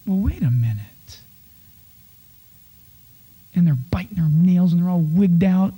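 Husky-voiced man preaching a sermon. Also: unhurried, pauses often. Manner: animated storytelling, acting out complaints in high voices. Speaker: pastor.

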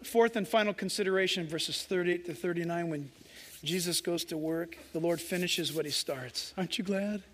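Echoing through a hall, a man's high, somewhat bright voice preaches at a moderate pace. This impassioned pastor performs the quoted voices of the characters in his story.

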